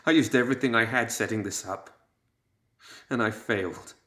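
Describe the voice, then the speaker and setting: A man's voice: on the low side, moderate pace, fairly bright tone, natural voice. A man voicing a broken, vengeful widow who shrieks and weeps in an audiobook. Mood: whispered despair. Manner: shrieking then weeping.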